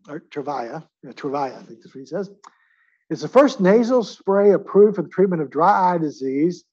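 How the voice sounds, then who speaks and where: In front of a live class, a man lectures chattily on drugs as a pharmacy lecturer, stopping to call for a show of hands. His voice is on the high side yet darkish and husky. The high frequencies are cut off in the audio.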